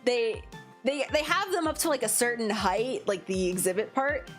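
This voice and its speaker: A woman's voice: a little high, moderate pace. A young woman streaming, chatting casually about her day with frequent fillers, giggles, and playful silly voices. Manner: giggly, rambling, many fillers; animated, playful voices in quoted bits. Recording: faint background music.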